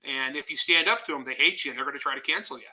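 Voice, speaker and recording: A man, a guest author in a casual interview, telling stories in a blunt, animated way with some swearing. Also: medium pitch, rapid-fire, poor audio.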